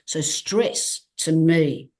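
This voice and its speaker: Aussie woman guest on a podcast, a bit low voiced, animated storytelling, lots of restarts. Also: very slow. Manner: animated, acts out quoted dialogue, frequent restarts. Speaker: guest athlete. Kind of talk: candid interview storytelling.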